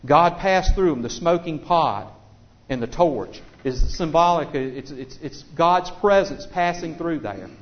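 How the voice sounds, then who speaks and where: A man's voice: a little high, animated, a little slow. A man preaching a sermon in a conversational, folksy way, often repeating himself as he restarts phrases. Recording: dull lo-fi recording.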